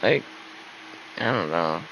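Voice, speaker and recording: A man's voice: deep voice, lively intonation, takes it slowly, creaky, fairly bright tone, a little hiss or hum, rough recording. A young man venting casually in a rambling, upset way, with lots of fillers and swearing. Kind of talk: casual venting while gaming.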